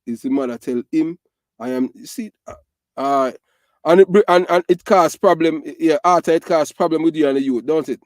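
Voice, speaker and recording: A man's voice: on the high side, moderate pace, dry recording, studio quality. A middle-aged man from Jamaica with a Jamaican Patois accent, giving emphatic, repetitive commentary full of fillers. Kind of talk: casual ranting commentary.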